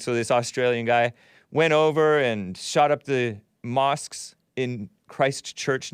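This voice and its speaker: A man's voice: mid-range voice, smooth, no room sound, clean studio sound. A man hosting a talk show, delivering a casual monologue in a sardonic, mocking tone and laughing at his own remarks.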